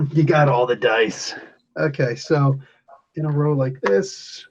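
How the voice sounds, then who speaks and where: A man's voice: on the high side, lively intonation, takes it slowly, vocal fry, darkish tone. A man acting as game master, describing the action in a casual, rambling way with restarts. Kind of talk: running a tabletop game session. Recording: lo-fi podcast audio.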